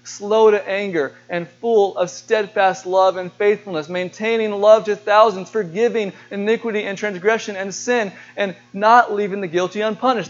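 A man's voice: high-pitched, fairly even intonation, measured pace. A man preaching a sermon to his church. He speaks earnestly, poses questions to the congregation and often repeats words. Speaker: pastor. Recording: dull lo-fi sermon recording.

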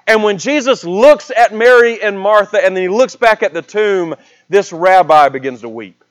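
High-voiced man preaching a dramatic sermon. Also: animated, normal speed. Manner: dramatic storytelling, swinging between raised and hushed voice.

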